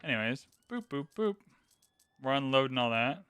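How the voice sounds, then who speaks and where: A man's voice: mid-range voice, very animated, moderate pace, a bit bright, clear, resonant tone. A man hosting a gaming channel, talking through a strategy game in casual, upbeat commentary and explaining his moves as he plays.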